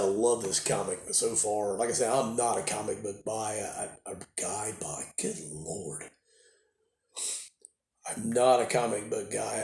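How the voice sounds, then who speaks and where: A man's voice: lowish voice, a little mellow. Stuffy-nosed man rambling into his phone. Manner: rambling, repeats himself, trails off. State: congested with a cold. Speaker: toy collecting vlogger. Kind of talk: rambling casual vlog. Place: at home indoors. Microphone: phone camera. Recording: echoey room with faint noise.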